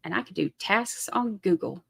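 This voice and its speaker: A woman's voice: medium pitch, animated, normal speed, gravelly, slightly rough. A woman with a Southern US accent hosting a casual livestream, rambling and chatty as she reads out viewer comments. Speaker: livestream host.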